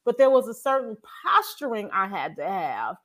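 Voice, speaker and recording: Animated woman podcast host sharing testimony. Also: medium pitch, moderate pace. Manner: animated storyteller who acts out her own prayers. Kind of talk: casual faith testimony.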